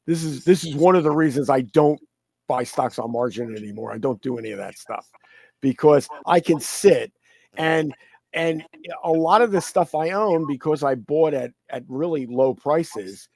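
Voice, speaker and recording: Brief: man, slightly high voice, chatty animated interview guest, dry close mic. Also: moderate pace, vocal fry, dry recording, poor audio. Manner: animated, repeats words, acts out quoted people in high mocking voices. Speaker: guest commentator. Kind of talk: casual conversational interview.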